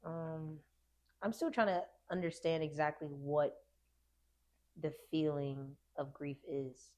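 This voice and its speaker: Low-voiced woman hosting a podcast. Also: fairly even intonation, slow, darkish tone. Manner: supportive listener, frequent affirmations. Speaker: podcast host. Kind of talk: casual podcast conversation.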